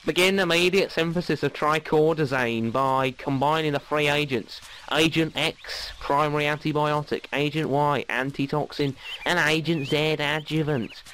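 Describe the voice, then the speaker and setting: A man's voice: on the high side, fairly even intonation, normal speed, hardly any pauses, fairly bright tone, slight background noise, close to an everyday voice, low-quality recording. A man reading out a male professor's urgent letter in a put-on, over-the-top accent. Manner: reads in a put-on ridiculous accent.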